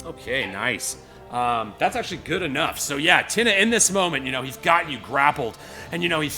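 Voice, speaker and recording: A man's voice: on the high side, fairly quick, creaky, faint music behind. A man narrating as game master, rambling with many fillers and acting out the scene. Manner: rambling, lots of "you know" and "like"; animated, acts out scenes.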